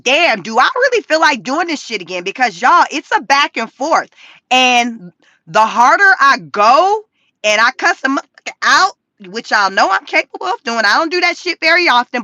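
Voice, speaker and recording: A woman talking casually on a livestream, profane and animated, laughing often. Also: high-pitched, no echo. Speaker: YouTube commentary creator.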